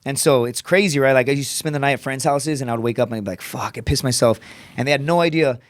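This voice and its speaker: A man telling blunt, profane stories on a podcast, peppering them with "dude" and "right?" and acting out other people's voices. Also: no echo. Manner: profane, rapid storytelling with frequent "dude" and "right?"; acts out quoted voices with raised pitch. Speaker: podcast guest, comedian. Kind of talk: casual podcast storytelling.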